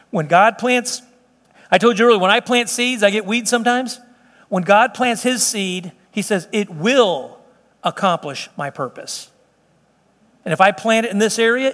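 A man with a notably high voice preaches a sermon, earnest and emphatic, with homely asides to the folks in the pews. His words ring out with a long reverberant tail, as though spoken in a large church sanctuary. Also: fairly bright tone. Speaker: pastor. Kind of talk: sermon and closing prayer.

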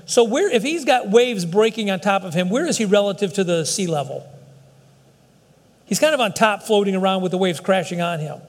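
A man's voice: high-pitched, lively intonation, fairly quick. A man preaching a sermon as a pastor, speaking in a conversational way with fillers and restarts. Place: church sanctuary. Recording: long hall reverb.

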